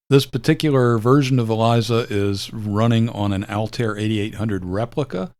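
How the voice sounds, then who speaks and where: An older man hosting a video, explaining a retro computer program in a relaxed, rambling way, with fillers and self-corrections. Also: lowish voice. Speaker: video host demonstrating retro software. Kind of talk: casual explanatory demo.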